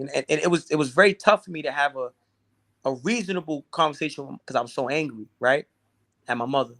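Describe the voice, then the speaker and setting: A man's voice: fairly high pitch, a little fast, fairly bright tone. A man with a slightly raised voice tells a painful personal story as an interview guest. He talks intensely, circling back and repeating words as he pushes through.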